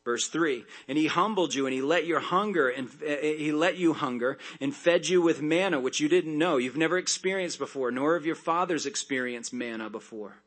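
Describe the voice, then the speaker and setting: A man preaching in an easy, conversational way, reading scripture and stopping to explain it in plain talk. His voice sits a bit higher than most men's, and he slips in light jokes between verses. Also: fairly bright tone. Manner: conversational, with quick jokes and asides. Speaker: pastor. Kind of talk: expository sermon with scripture reading.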